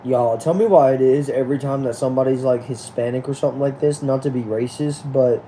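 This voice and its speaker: A man's voice: medium pitch, fairly even intonation, fairly quick, warm tone, slight background noise. Tired, chatty American man on stream. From United States. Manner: chatty, greets viewers by name, asks for comments. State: tired, sleepy. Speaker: live-stream host. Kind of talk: casual live-stream chat reading viewer comments.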